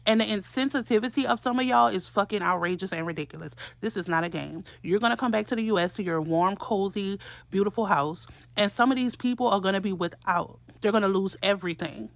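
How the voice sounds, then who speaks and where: A woman delivers a blunt, profane, scolding rant straight to camera. Her voice has a gravelly fry. The sound is dry and close. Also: mid-range voice, fairly quick, no echo. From New Orleans, USA. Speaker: commentator.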